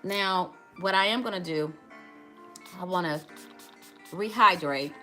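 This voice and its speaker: A woman's voice: on the low side, takes it slowly, sharp tone, soft background music. A middle-aged woman hosting a casual live makeup tutorial, chatty, greeting viewers by name and calling out to "y'all". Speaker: makeup livestream host.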